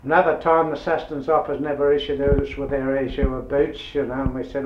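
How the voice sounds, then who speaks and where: A man's voice: mid-range voice, little pitch movement, a little fast, few pauses. Older man, interviewee, earthy yarn-spinner; roomy, lo-fi tape. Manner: rambling, earthy, chuckling anecdotes. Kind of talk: oral history storytelling. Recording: dull roomy old tape with hiss.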